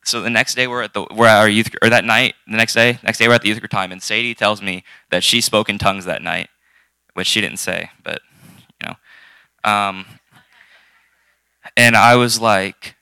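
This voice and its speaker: A young man tells a personal faith story in an earnest, rambling way, stopping and restarting his sentences. His lowish voice has a gravelly fry, yet it sounds bright and forward. It is smooth and clear. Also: fairly even intonation, normal speed, dry recording. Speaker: youth group member.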